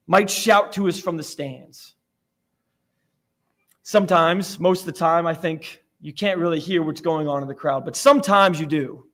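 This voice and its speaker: A man's voice: high voice, fairly bright tone. A man from Florida preaching a sermon in a church, telling stories in a conversational, self-deprecating way. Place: church sanctuary.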